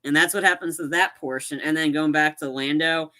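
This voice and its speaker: A man's voice: on the high side, fairly even intonation, fairly quick, bright, forceful tone. A man co-hosting a podcast, chatting casually about films in a rambling way with lots of fillers and restarts. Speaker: podcast co-host. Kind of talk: casual movie chat.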